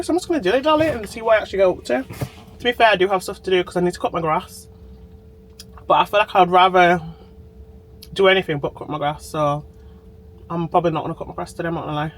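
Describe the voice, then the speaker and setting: A woman's voice: fairly low pitch, rough recording. A woman chatting to camera in a diary vlog, sitting in a parked car and talking into her phone. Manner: bubbly, chatty, talks straight to camera. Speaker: vlogger.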